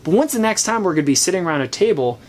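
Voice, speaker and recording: A man's voice: sits high, lively intonation, very fast. A man hosting a casual chat, giving opinionated, chatty takes while thinking aloud. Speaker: host. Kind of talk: casual chat reviewing board games.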